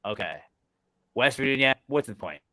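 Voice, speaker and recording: A man's voice: medium pitch, lively intonation, moderate pace, a crowd in the background. A man from the United States co-hosting a podcast, ranting bluntly with plenty of swearing. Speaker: podcast co-host. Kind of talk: casual chat.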